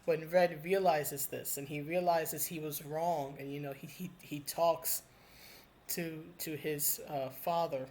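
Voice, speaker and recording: A commentator talking straight to camera in a casual, earnest way, often restarting sentences and filling pauses with "uh.". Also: mid-range voice, fairly even intonation, a little mellow, a little hiss or hum. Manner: rambling and hesitant, with frequent restarts and fillers; earnest and heartfelt. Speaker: video commentator.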